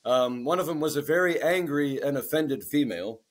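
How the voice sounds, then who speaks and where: A man in his forties co-hosting a podcast, telling profane, animated stories in casual chat and acting out the people he quotes. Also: mid-range voice, a little fast. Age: 40s. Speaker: podcast co-host.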